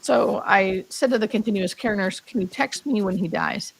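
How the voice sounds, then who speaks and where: Woman guest telling a heartfelt story, lots of "like", sometimes goes quiet and whispery, middle pitch voice. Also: moderate pace, vocal fry, husky, no echo, rough recording. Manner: heartfelt, many "like" fillers, drops to a whisper when quoting. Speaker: guest, hospice nurse. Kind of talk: emotional storytelling.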